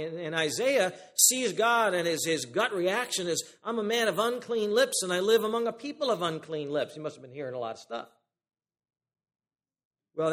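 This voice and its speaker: A man preaching a sermon, reading scripture aloud with rising emphasis and dropping into quiet asides to the congregation. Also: fairly high pitch. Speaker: pastor.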